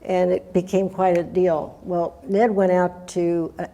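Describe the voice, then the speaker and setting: A woman's voice: lowish voice, little pitch movement, a little slow, mellow, muffled recording. Older woman telling a rambling story. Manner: meandering, with restarts and acted-out quotes. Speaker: guest storyteller. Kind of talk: casual spoken storytelling.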